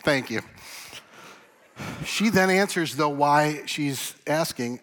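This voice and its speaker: A man preaching a sermon, animated, swinging from loud emphasis to hushed tones. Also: fairly high pitch, slow pace, long pauses. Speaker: pastor. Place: church.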